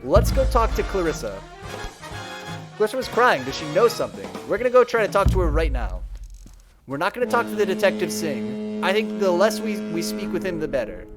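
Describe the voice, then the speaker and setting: Young man, game streamer, high voice, lively pitch, chatty, thinking aloud. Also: a little fast, over music. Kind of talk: live gameplay commentary.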